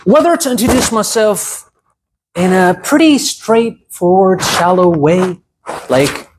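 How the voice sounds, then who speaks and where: Saudi-accented man, 30s, club speech with pauses, noisy hiss behind. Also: high-pitched, animated. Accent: Saudi Arabian. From Saudi Arabia. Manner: storytelling with dramatic pauses and asides. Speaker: public speaker. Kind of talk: humorous prepared speech. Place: club meeting room. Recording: noisy room recording.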